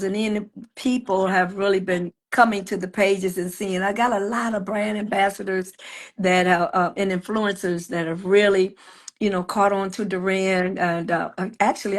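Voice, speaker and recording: A woman in casual livestream chat who tells stories with animated quoted voices and laughs often. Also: mid-range voice. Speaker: guest, gospel singer and cosmetics entrepreneur. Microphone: video call.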